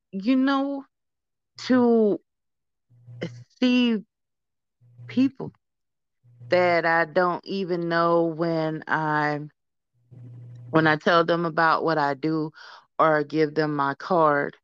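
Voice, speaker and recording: A woman's voice: low voice, extremely slow, pauses often, clean tone, no echo, dull audio. A woman guest in a casual interview, speaking earnestly and acting out other people's voices as she tells her story. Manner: earnest, animated, acts out quoted voices. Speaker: guest, founder of a support program.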